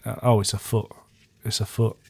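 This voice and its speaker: A man's voice: on the low side, little pitch movement, moderate pace, vocal fry, a little mellow, slightly rough. A man casually reviewing his record collection, rambling with dry self-mocking jokes. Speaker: album reviewer. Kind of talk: casual chat.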